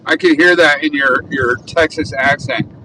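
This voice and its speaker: A man's voice: on the high side, steady tone, moderate pace, sharp tone. A man hosting a casual livestream while driving, chatting and reading viewer comments aloud. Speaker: livestream host. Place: in a car on city roads. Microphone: phone held in car. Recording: distant phone mic with road noise. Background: traffic noise.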